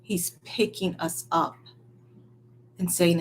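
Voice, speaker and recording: A woman preaching a sermon in an earnest, emphatic way, swinging between loud stresses and quiet, near-hushed lines. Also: medium pitch, slow pace, slight background noise.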